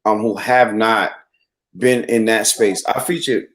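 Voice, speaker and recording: A man's voice: lowish voice, fairly even intonation, a little slow, fairly bright tone. A man, the host, speaking in an earnest, reflective way with frequent restarts. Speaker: host and venue owner. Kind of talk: casual chat.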